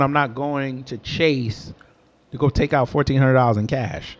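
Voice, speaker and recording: A man's voice: medium pitch, normal speed. A young man from New York, telling a story in a casual, slangy way and answering his chat as he goes. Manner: animated, slangy, talks back to chat. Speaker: host.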